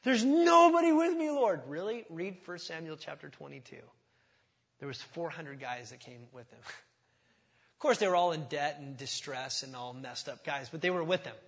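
A man's voice: a little high, normal speed, vocal fry. A middle-aged man preaching a sermon as pastor, impassioned and often rising to emphatic outbursts.

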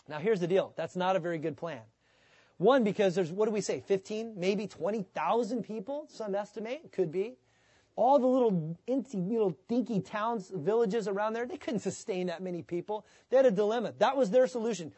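Pastor guy giving a sermon, kinda high voice, chatty, does little voices for the people he quotes. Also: normal speed, slightly rough, no room sound. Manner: conversational, animated, acts out quoted voices.

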